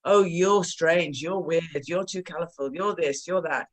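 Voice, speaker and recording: A woman voicing a herd of brown horses in a children's story, speaking slowly and mockingly. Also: on the low side.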